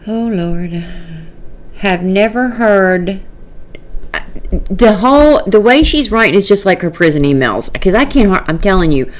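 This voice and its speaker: A woman's voice: medium pitch, animated, fairly quick, few pauses. A woman commenting on online drama in a casual vlog, sarcastic and exasperated, often laughing.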